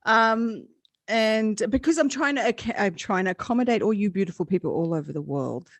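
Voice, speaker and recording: A woman's voice: medium pitch, animated, normal speed, dry recording. A woman hosting a casual live-stream chat, rambling and laughing often. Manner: chatty, rambling, laughs a lot. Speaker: host.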